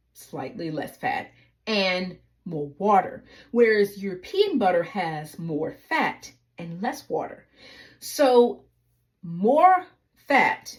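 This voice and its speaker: A woman from the United States, explaining baking steps in a chatty, rambling tutorial manner. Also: medium pitch. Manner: chatty, explanatory, tangent-prone. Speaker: baking instructor. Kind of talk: casual cooking tutorial.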